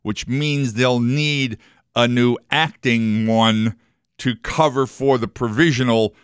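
A man's voice: mid-range voice, fairly even intonation, takes it slowly, clean tone, dry recording. A male morning radio host trading casual banter in a dry, close-miked studio. He tells jokes and acts out the characters' voices. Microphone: studio microphone.

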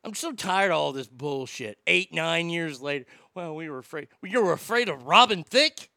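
A man's voice: on the high side, lively intonation, moderate pace, creaky, sharp tone, dry recording, clean studio sound. A middle-aged man hosting a talk show, ranting with blunt opinions and stammering restarts.

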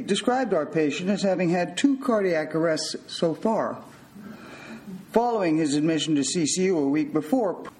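An older male physician giving a storytelling talk in a measured, wry manner. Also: fairly high pitch, a little mellow, rough recording.

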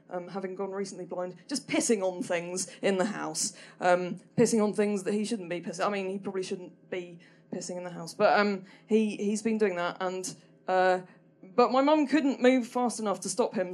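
一位说话犹豫、略带英国口音的年轻女子在台上讲单口故事. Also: female voice, mid-range voice, a little mellow. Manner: hesitant, rambling, full of ums and restarts; dry self-deprecating humour. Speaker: stand-up performer. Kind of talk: stand-up storytelling. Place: small comedy venue stage.

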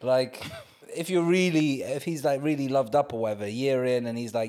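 A man, chatting casually on a podcast, slangy and animated, often mimicking others. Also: medium pitch, brisk, hardly any pauses. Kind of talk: casual chat.

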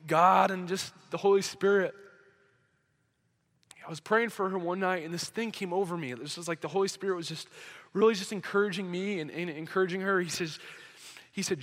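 A man's voice: sits high, fairly bright tone. A young man preaching a sermon, telling a story with emotion and acting out quoted dialogue. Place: church service hall. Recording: hall reverb.

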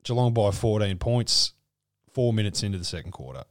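A blunt Australian man hosting a podcast, chatting casually and swearing freely. His voice is on the low side. The recording is close and dry, with no room around it. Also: lively intonation, brisk, no room sound. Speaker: podcast host.

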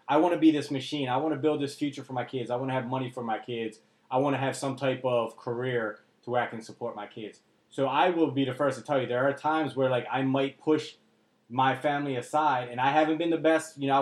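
A man talking candidly and emotionally on a podcast, blunt and earnest, swearing freely. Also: medium pitch. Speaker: podcast co-host. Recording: roomy echo.

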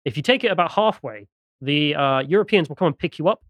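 A man co-hosting a political podcast, presenting a news item in a quick, sardonic way and reading out posts with asides. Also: a little high, expressive, fairly bright tone, no room sound, clean studio sound. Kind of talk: casual political podcast chat.

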